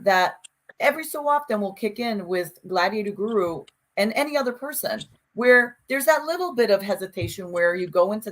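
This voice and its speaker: A woman co-hosting a casual conversation podcast, telling stories with lots of restarts and acted-out quotes. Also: mid-range voice. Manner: animated storyteller, frequent restarts and acted-out quotes. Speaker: podcast co-host.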